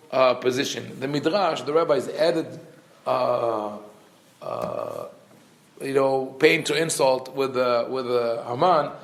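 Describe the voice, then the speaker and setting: A man, a rabbi, teaching a scripture class. He explains with dry humor and many fillers, and reads verses quickly in a chant. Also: medium pitch, gravelly. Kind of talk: Torah class lecture.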